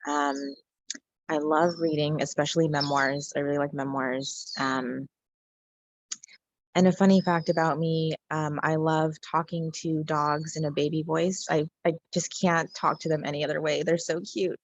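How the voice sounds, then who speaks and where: A woman guest author answers in a casual, hesitant way, filling her speech with ums and likes. Her voice is on the lower side. The recording is slightly dull and dry. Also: fairly even intonation, moderate pace, dry recording.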